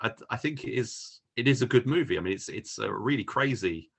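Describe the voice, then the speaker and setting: A man's voice: mid-range voice, expressive, fairly quick, creaky, slightly rough. A man co-hosting a film podcast, chatting casually and rambling with many restarts. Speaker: podcast co-host. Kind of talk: casual film review chat.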